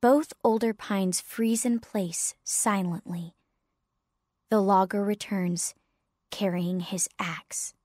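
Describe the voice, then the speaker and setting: A woman narrating a story clearly and deliberately for English learners. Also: medium pitch, fairly even intonation, darkish tone, dry recording, clean studio sound.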